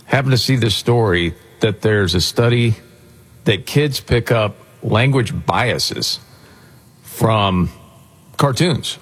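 A man's voice: lowish voice, expressive, takes it slowly, breathy edge. A man hosting a casual talk radio conversation, bringing up news topics for his co-hosts. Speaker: talk show host.

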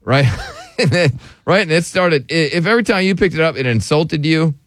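A man's voice: a little high, animated, fairly quick, fairly bright tone. A man hosting a radio show, chatting casually with a co-host and laughing often. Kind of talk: casual morning show banter.

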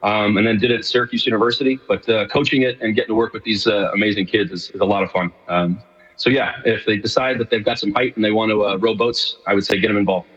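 Middle-aged new york guy, husky, talks fast and rambly, dull line with long echo. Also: fairly low pitch, fairly even intonation, fairly bright tone. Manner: rambling, many fillers and restarts. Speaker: guest, show co-host. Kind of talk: casual radio interview. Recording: distant remote line with long reverb, dull.

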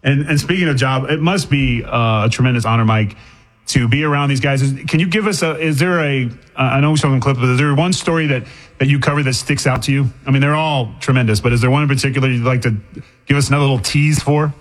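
A middle-aged man from Boston hosts the radio show, and his talk comes out fast. He is chatty, tripping into restarts as he asks questions and plugs the show. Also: medium pitch. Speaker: radio host. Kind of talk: casual radio interview.

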